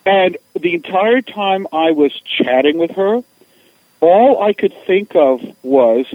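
A man's voice: fairly high pitch, slow, dry recording, narrow, tinny audio. A middle-aged man telling funny stories as a guest, acting out other people's voices as he goes. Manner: animated, acts out voices in anecdotes. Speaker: guest, author. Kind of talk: casual storytelling.

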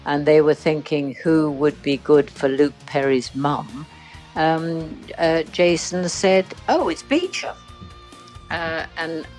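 A woman's voice: low voice, darkish tone. Older british lady guest, chatty, lots of ums and restarts, telling stories. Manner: chatty, anecdotal, many fillers and restarts. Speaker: actress guest. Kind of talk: casual interview chat.

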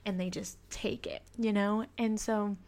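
A woman's voice: medium pitch, fairly even intonation, measured pace, a little mellow. A young woman hosting a podcast, telling a personal story in a frank, confessional way and swearing freely. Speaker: podcast host.

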